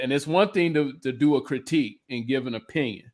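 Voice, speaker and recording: A man's voice: mid-range voice, a little fast, hardly any pauses. Heated, profane man ranting. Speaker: podcast co-host. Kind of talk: casual chat.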